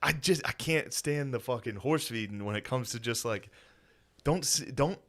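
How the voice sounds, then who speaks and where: A young man co-hosting a podcast in casual chat, telling animated stories and acting out his family, swearing freely. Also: medium pitch, moderate pace. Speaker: podcast co-host.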